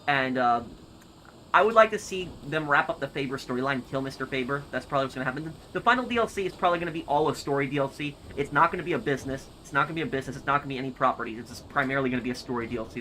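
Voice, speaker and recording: A man's voice: mid-range voice, racing, pushed and bright, slight background noise. A young American man streaming a game live, reading chat and thinking aloud with hesitant, repeated starts. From United States.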